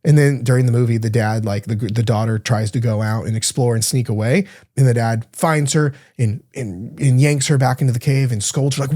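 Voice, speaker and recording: A man's voice: medium pitch, moderate pace, hardly any pauses, mellow. A man hosting a podcast as a diet coach, giving a blunt, emphatic monologue and swearing freely.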